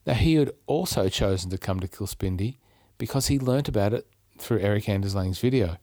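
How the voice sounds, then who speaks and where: A man's voice: on the low side, a little fast, dark tone, no echo, studio quality. An Australian man hosting a podcast, chatting casually and telling stories in an upbeat way, often restarting mid-phrase. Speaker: podcast host. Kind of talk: casual travel chat.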